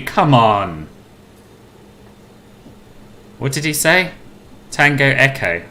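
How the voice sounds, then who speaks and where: A man's voice: mid-range voice, very animated, measured pace, bright, forceful tone. A man chatting casually on a flight sim live stream, greeting viewers between tasks.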